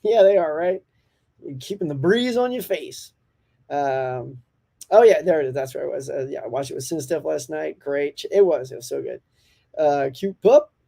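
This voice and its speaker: A man's voice: fairly high pitch, normal speed, vocal fry, warm tone. A man hosting a casual morning live-stream chat, upbeat and talkative, laughing often as he reads out and answers viewer comments.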